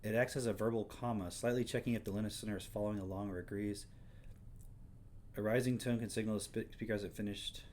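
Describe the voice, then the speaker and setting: A low-voiced man hosts a live stream and talks over the video clips he plays. He reads search results aloud and imitates the speech patterns he is discussing. A faint hiss sits under his voice. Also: fairly even intonation, quick pace, darkish tone. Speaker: livestream host. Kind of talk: casual commentary on clips.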